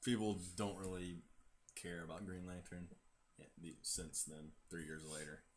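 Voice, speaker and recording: A man in his twenties making relaxed points in a casual film debate, often trailing off. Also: deep voice, unhurried, very noisy. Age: 20s.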